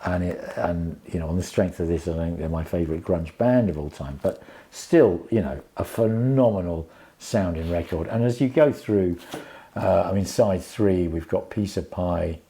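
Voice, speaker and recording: A man's voice: sits low, normal speed, warm tone. A man casually reviewing a vinyl album, rambling with many fillers and restarts.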